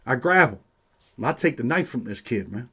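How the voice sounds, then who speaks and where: A man's voice: mid-range voice, animated, fairly quick, fairly bright tone, slightly rough. Streetwise New man telling stories. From New York. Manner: streetwise, profane, peppers speech with "man". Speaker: host. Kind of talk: casual first-person storytelling.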